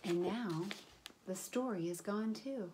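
A woman teacher reading a picture book aloud to children, animated, with character voices and sound effects. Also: medium pitch, slow, a little hiss or hum.

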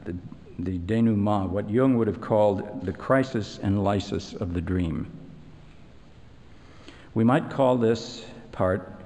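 A man giving an evening lecture, explaining in a measured way and retelling a fairy tale. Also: fairly low pitch, darkish tone, big-room sound.

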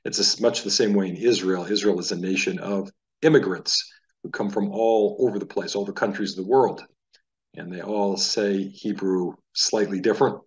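A man from the United States teaching a casual Hebrew lesson, talking in a relaxed, conversational way and sounding out letters aloud. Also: deep voice, normal speed, far from the mic, low-quality recording.

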